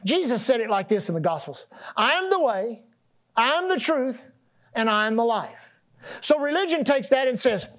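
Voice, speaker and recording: A man's voice: very high-pitched, normal speed. A man preaching a sermon, asking the congregation questions and repeating words as he builds his points. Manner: animated preaching with call-and-response questions; repeats and restarts words, rising and dropping loudness. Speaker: pastor.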